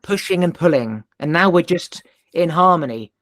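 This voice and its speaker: A man's voice: on the high side, lively intonation, moderate pace, fairly bright tone, no echo. A man hosting a podcast, telling a personal story in an intense, emphatic way and swearing now and then. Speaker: podcast host. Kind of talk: casual conversation.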